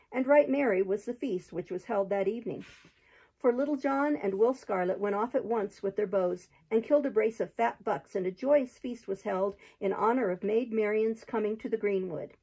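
A woman reading a classic adventure tale aloud chapter by chapter in a gentle, steady manner. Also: medium pitch, breathy edge, low-quality recording. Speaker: host reading a book aloud. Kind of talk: storybook read-aloud.

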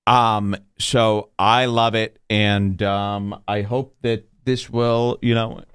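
A man's voice: on the low side, level tone, takes it slowly, a bit bright, clean tone, no room sound. A man hosting a podcast, telling a rambling story in casual chat and swearing freely. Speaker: podcast host.

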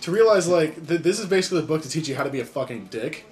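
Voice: mid-range voice, expressive, rapid-fire, darkish tone. A young adult on a casual podcast, jokingly reading lines aloud from a book in a sarcastic way. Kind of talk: mock reading of pickup lines.

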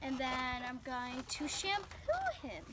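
A woman's voice: high voice, a little slow, background noise. A woman vlogging casually outdoors while washing her dog, chatting to viewers with rambling asides. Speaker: pet vlogger. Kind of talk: casual vlog talk to camera.

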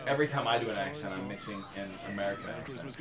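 A man's voice: fairly low pitch, racing, roomy sound, music in the background. A man hosting a podcast, sarcastically riffing on a wrestling video. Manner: sarcastic, animated. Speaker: podcast host. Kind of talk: mocking riff commentary.

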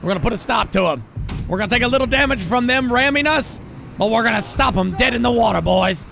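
A man's voice: extremely high pitch, animated, quick pace, vocal fry, music in the background. A man streaming a pirate ship game, boisterously barking orders at his crew and laughing. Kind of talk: gaming stream commentary.

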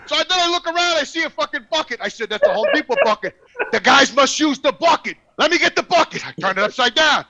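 A middle-aged man telling a profane story, animated and swearing constantly. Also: very high voice, fast talker, highs cut off. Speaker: podcast guest telling a story. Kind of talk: profane storytelling, casual chat.

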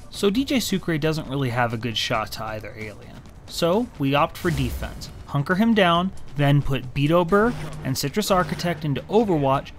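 A man from the United States giving wry, self-mocking commentary over his strategy game playthrough on a studio microphone. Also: mid-range voice. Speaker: let's play host. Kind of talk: gameplay commentary. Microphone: new studio microphone.

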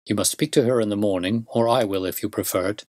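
A man voicing a gentle, worried young woman speaking to her father. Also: lowish voice, quick pace, no room sound, close to an everyday voice.

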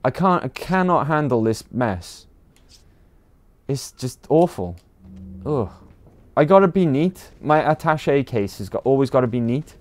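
A man's voice: medium pitch, big pitch swings, a little slow, long pauses. A man with a British accent, chatting casually to viewers while livestreaming a game, rambling with lots of ums and uhs. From Britain. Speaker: game streamer.

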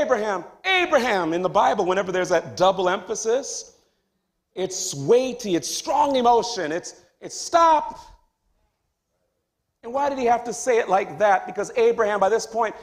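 Male pastor, high voice with a gravelly edge, preaching in a church, swinging from soft asides to high loud cries. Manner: swings from hushed to loud, high-pitched exclamations. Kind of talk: sermon. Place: church sanctuary.

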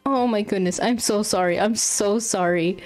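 A woman's voice: medium pitch, moderate pace, a little mellow, soft background music. A young woman streaming live while drawing, flustered and apologetic, often laughing and exclaiming as she talks to her chat.

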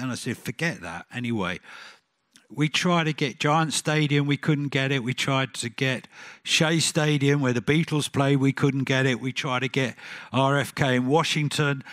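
An older man, a concert promoter telling lively anecdotes on a conference stage and acting out the people he quotes. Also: medium pitch. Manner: animated anecdote-telling, acts out quotes, laughs at own story.

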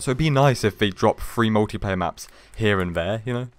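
A man's voice: lowish voice, normal speed, hardly any pauses, soft background music. A young man hosting a casual gaming commentary video, chatty and rambling, talking straight to his viewers.

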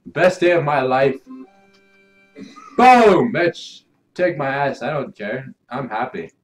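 A man doing video game commentary, yelling and cursing at the game as he plays. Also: mid-range voice, animated, takes it slowly, faint music behind. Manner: yells and curses at the game. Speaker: gameplay commentator.

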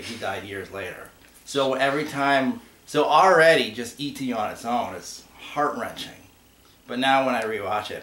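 Low-voiced man rambling in an echoey room. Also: fairly bright tone. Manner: rambling, chatty storyteller with restarts. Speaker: podcast co-host. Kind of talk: casual chat answering viewer questions. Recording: echoey room with faint hiss.

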